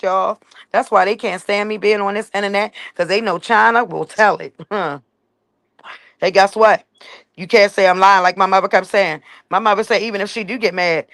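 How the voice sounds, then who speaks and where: The recording is dry, capturing a woman's medium-pitched, fairly bright voice. She's an adult with kids chatting bluntly to her live-stream audience, punctuating each point emphatically with "facts" and "period."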